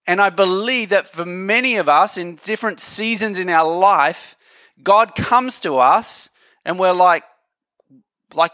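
A man's voice: high voice, a little slow, sharp tone, no echo, clean studio sound. A man preaching a sermon in a conversational, joking way, talking with his audience.

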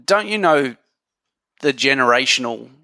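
A man's voice: medium pitch, lively intonation, measured pace, pushed and bright, no echo, clean studio sound. A man preaching a sermon in a conversational, joking way, talking with his audience.

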